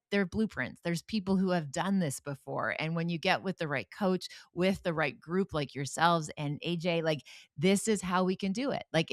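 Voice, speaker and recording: Woman, middle-aged, podcast host, animated storyteller, low-ish voice, dry close sound. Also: dry recording. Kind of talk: conversational interview.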